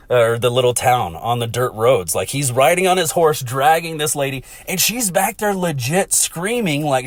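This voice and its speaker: A man hosting a casual solo podcast, swearing often and laughing as he tells a story, with sudden shouted impressions. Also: medium pitch, no echo. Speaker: podcast host.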